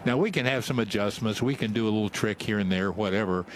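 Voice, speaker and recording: A man, a football coach, answering in a measured way with halting starts. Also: lowish voice, a little hiss or hum. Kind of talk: interview answers.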